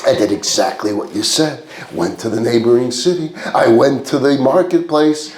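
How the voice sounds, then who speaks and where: A man's voice: mid-range voice, normal speed, a little mellow, lightly acted. A man voicing a naive, eager young son who talks earnestly. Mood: eager proud. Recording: roomy echo.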